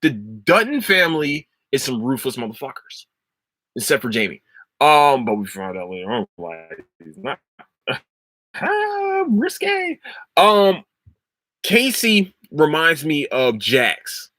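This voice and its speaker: A man's voice: medium pitch, sing-song, a little slow, no echo. A young man hosting a casual podcast, rambling and swearing freely as he talks about shows. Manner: rambling, swears freely, breaks into loud laughter. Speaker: podcast host.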